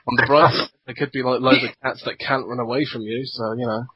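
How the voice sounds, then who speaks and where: A man's voice: mid-range voice, fairly even intonation, quick pace, very noisy. A man co-hosting a podcast in casual chat, joking and rambling between laughs. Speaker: podcast co-host. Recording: dull lo-fi podcast audio.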